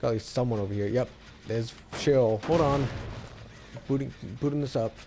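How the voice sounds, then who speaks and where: A man's voice: medium pitch, normal speed, background noise. Man streaming a game, talking to himself. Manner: talking to himself and to other players, stop-start and chatty. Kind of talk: live gameplay commentary.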